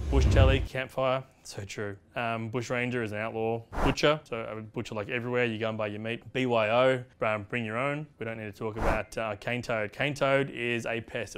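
A man's voice: mid-range voice, clear, resonant tone. An Australian man explaining slang in casual, chatty talk, full of fillers, hopping from one word to the next.

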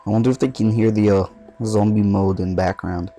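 Brief: man playing a deadpan fake-Russian gamer, low voice, faint game music behind. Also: fairly quick, natural voice, rough recording. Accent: put-on Russian. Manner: deadpan, trash-talking. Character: joking mock-Russian gamer persona, young man.

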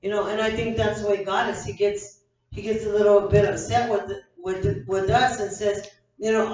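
A woman's voice: mid-range voice, little pitch movement, normal speed, a little mellow. An older woman preaching with fervent conviction, circling back over her own words as she builds each point. Her voice carries from a distance through a heavily echoing church hall. The sound is dull and muffled. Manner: fervent, repetitive preaching with many restarts. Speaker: pastor. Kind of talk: evening sermon. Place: church sanctuary.

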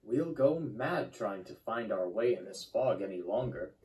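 A man's voice: on the low side, lively intonation, measured pace, recorded from a distance. A man voicing a plain-spoken male train driver who sighs and talks matter-of-factly. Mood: resigned. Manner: sighing, matter-of-fact. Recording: loud background music.

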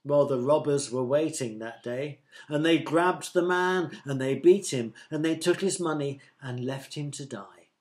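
Jesus, a man voicing a calm teacher. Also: on the high side, measured pace, hardly any pauses, natural voice. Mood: storytelling. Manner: gentle, firm storytelling. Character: kindly calm male storyteller teacher Jesus.

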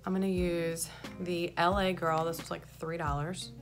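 A woman's voice: on the low side, level tone, moderate pace, soft background music. A woman makeup artist chatting casually through a tutorial at home, a little out of breath, with lots of "like" in her talk. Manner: chatty, filler-heavy, enthusiastic about products. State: a bit out of breath.

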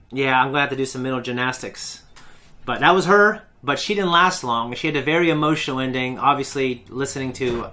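A man's voice: mid-range voice, bright, forceful tone. Male reaction host with an ordinary middle-range voice, eager and rambling, often restarts his sentences. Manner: rambling, enthusiastic, self-correcting. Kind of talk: casual fan commentary.

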